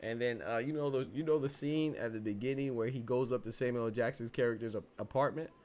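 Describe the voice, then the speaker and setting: Talking fast in a mid-range voice, the podcast host offers loose, animated commentary that wanders, always circling back to "you know what I'm saying."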